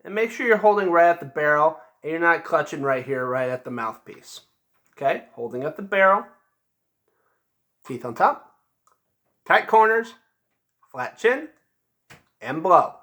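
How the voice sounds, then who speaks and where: Animated and encouraging, a male band teacher whose bright voice runs a little high for a man walks students through a lesson step by step. He keeps instructions simple and stops frequently to make sure everyone is keeping up.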